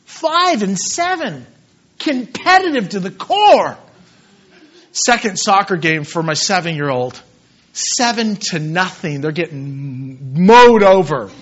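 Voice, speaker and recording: A man in his thirties preaching a sermon, telling stories with lively acted-out shouts. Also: extremely high pitch, lo-fi sound. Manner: animated storytelling, acts out scenes with shouts.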